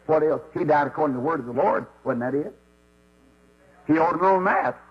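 This man's voice is on the high side, brisk and slightly rough, as he preaches a folksy Baptist sermon. Telling Bible stories, he voices God and Moses himself, captured in a dull lo-fi recording with mains hum.

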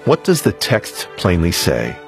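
A man hosts a radio teaching program in a very deep voice with a lively, rising and falling melody. He reads his scripted introduction in an announcer's manner, and clear music plays beneath him. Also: measured pace. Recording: broadcast voice over music. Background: music bed.

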